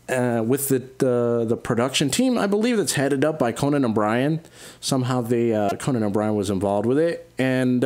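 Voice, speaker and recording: A man hosting a podcast, introducing a comedy clip in a relaxed, halting way with many fillers. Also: mid-range voice. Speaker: podcast host.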